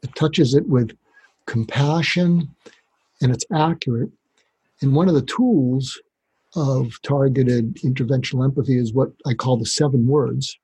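A man speaking as a doctor guest on a podcast interview, explaining calmly and acting out short exchanges to demonstrate. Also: mid-range voice, unhurried, husky, low-quality recording. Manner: calm, explanatory, demonstrates dialogue.

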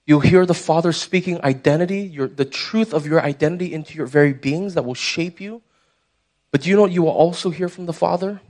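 A man's voice: on the high side, brisk, a little mellow. A young man preaching a sermon as pastor, conversational and emphatic, putting direct questions to the church.

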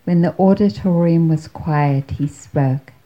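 Woman storyteller, wry and measured, very slow delivery. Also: low-pitched, warm tone, muffled recording. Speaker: speaker telling a story. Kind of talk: storytelling talk.

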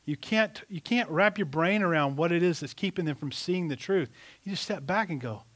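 A man preaching a sermon in an animated, conversational way, asking the congregation rhetorical questions. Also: fairly high pitch, normal speed. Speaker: pastor.

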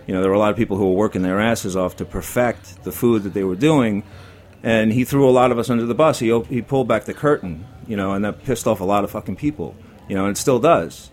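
A middle-aged man with a Brooklyn accent talks fast in a low voice. He is blunt and salty, rambling through his stories with "you know" at every turn. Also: a little mellow. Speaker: chef guest. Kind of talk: casual chat.

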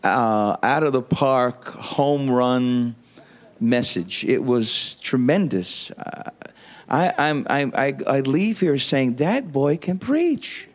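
A man's voice: mid-range voice, animated, slow pace. A male pastor preaching a sermon, leading his congregation in call-and-response and repeating phrases with enthusiasm.

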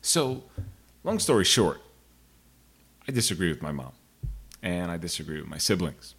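A man with a deep, husky voice rambles through a personal story, speaking frankly and drifting off on side tracks. His delivery is casual and conversational, like a vlog monologue to his viewers. The voice sits low and breathy. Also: sing-song, moderate pace, a bit bright.

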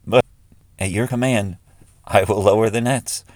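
A man's voice: on the low side, steady tone, a little slow, darkish tone, no echo, close to an everyday voice. A man voicing the fisherman Simon, a grown man, with raised, strained cries. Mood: weary.

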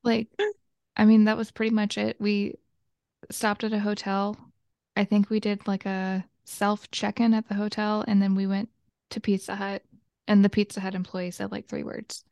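Woman co-host from Georgia, casual storyteller, gravelly voice, dry close mic. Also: mid-range voice, flat delivery, moderate pace, a little mellow, no room sound. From Georgia, USA. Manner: chatty, laughs often, tells travel stories. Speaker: podcast co-host. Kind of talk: casual chat.

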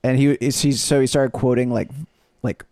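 A man with an ordinary middle-pitched voice tells a story in casual podcast chat. He laughs often and slips into quick quoted voices. The sound is dry and close. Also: flat delivery, warm tone, no echo. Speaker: podcast co-host.

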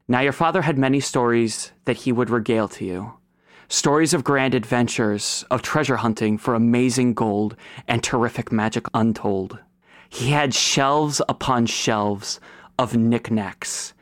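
A man's voice: mid-range voice, dry recording, clean studio sound. A man running a tabletop game, narrating the scene dramatically for the players. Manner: dramatic storytelling, dropping to whispers. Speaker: game master.

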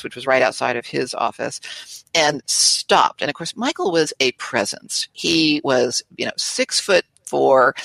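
An older woman recounting her career as an interview guest, in a lively, anecdotal way with quoted voices. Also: deep voice, creaky, dry recording. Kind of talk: storytelling in conversation.

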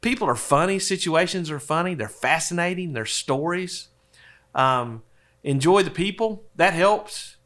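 A man's voice: on the high side, expressive, a little slow, a bit bright. A man telling folksy stories about his sales work in a casual interview, chuckling often. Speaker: insurance advisor guest.

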